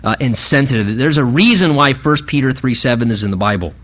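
A man preaching a sermon in an animated, conversational way, with frequent restarts. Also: medium pitch, fairly quick, muffled recording. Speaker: pastor.

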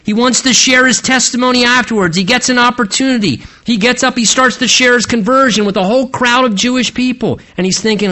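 A man's voice: very high-pitched, a little fast, few pauses, pushed and bright. A man preaching an expository sermon, retelling the story dramatically and asking the listeners rhetorical questions.

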